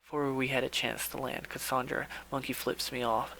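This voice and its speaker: A man's voice: medium pitch, flat delivery, normal speed, gravelly, a little hiss or hum, rough recording. A man reading his own first-person story aloud, with slips and restarts, over background music. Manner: reads with slips and restarts, softly dramatic.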